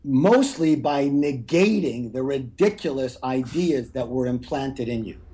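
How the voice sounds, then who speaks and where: A man's voice: mid-range voice, dark tone, a little hiss or hum. A middle-aged man speaking as a guest on a podcast interview, emphatic and teacherly, often calling on listeners to pay attention. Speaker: guest author.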